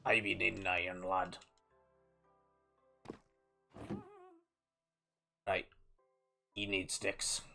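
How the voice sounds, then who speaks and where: A male streamer voicing a gruff, boisterous pirate captain while playing a game, with faint music behind. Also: deep voice, completely flat delivery, measured pace, full character voice. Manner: growly pirate talk with shouted "yar" calls. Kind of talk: live gameplay stream.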